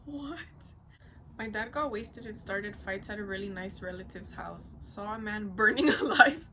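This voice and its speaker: Animated, foul-mouthed woman vlogger. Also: medium pitch, normal speed, noisy background. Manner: animated, profane, laughing asides. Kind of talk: casual reaction commentary.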